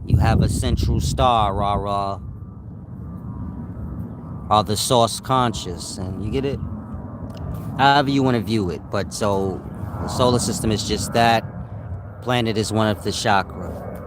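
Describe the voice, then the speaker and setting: A low-voiced man talks casually on his own show, joking in loose slang and breaking into laughs. Steady noise and the sound of passing cars sit behind him. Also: a little slow, long pauses. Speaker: host. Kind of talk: casual livestream talk.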